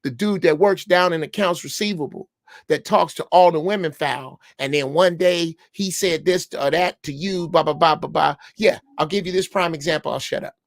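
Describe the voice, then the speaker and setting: A man's voice: fairly high pitch, moderate pace, dry recording. Older chicago guy on a podcast, blunt and swearing, telling stories, dry sound. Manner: storytelling, blunt, profane. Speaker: podcast panelist. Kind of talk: casual chat.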